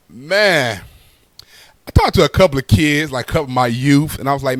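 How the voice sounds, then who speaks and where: This young comic's voice is mid-range and a little slow, with frequent pauses, as he tells stand-up stories in a loose style full of "right?" tags. It's a dry recording.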